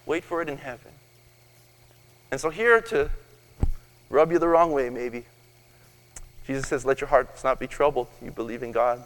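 A man's voice: sits high, fairly bright tone. A man preaching a sermon as pastor, telling jokes and asking the crowd questions. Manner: storytelling, joking, asks the crowd questions. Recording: echoey hall.

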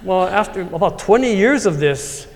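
A man's voice: high-pitched, lively intonation, moderate pace, big-room sound. A man in his sixties telling a long personal story to his congregation, rambling and heartfelt, with many fillers. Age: 60s. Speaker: church speaker.

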